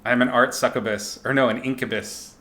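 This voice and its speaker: A man's voice: medium pitch, fairly even intonation, moderate pace, fairly bright tone. A man chatting casually with his live-stream audience while he paints, playful and giggly, greeting viewers by name and making up silly words.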